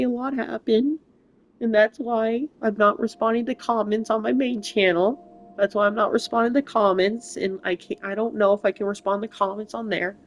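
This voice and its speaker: A young adult gaming channel host speaking in a halting, emotional, rambling way in a personal update vlog, recorded on a console mic. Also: medium pitch. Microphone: console mic without camera.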